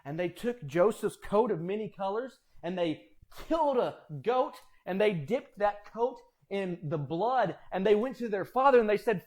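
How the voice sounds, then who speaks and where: A man casually telling Bible stories, animated and acting out voices. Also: high-pitched, normal speed, hardly any pauses. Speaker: storyteller.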